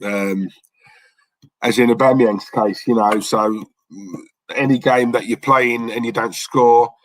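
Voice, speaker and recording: A man's voice: medium pitch, steady tone, unhurried, no echo, poor audio. A young man with a London accent hosting a football watchalong stream, chatting casually and rambling while reading out chat messages. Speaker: watchalong host.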